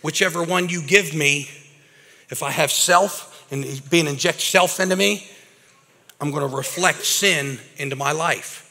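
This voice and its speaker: A man preaching a lively, casual sermon to a live audience, talking like a regular guy and calling people bro and man. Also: fairly high pitch, a little slow. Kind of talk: energetic recovery-ministry sermon. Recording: reverberant hall.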